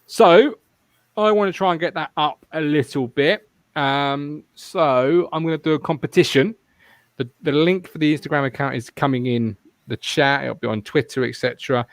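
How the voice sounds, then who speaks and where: A man's voice: a little high, moderate pace, no room sound, studio quality. A man hosting a casual football fan podcast, rambling and swearing freely as he chats. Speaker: podcast host.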